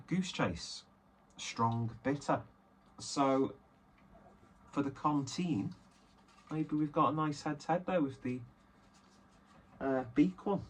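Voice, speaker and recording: A man's voice: medium pitch, fairly bright tone, a little hiss or hum. A man chatting casually and self-deprecatingly as he unboxes and reviews beers, rambling with many fillers. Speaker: beer reviewer.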